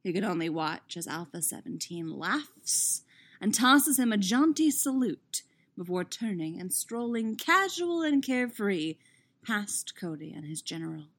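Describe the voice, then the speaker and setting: A woman reading fan fiction aloud in a steady, expressive narration. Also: mid-range voice, measured pace. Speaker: audiobook reader.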